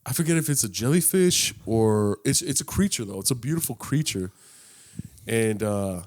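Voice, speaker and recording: A man's voice: expressive, normal speed, a little mellow. A man co-hosting a podcast in casual chat, with a laid-back, slangy way of talking. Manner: laid-back, slangy, breaks into high-pitched laughter. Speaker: podcast co-host.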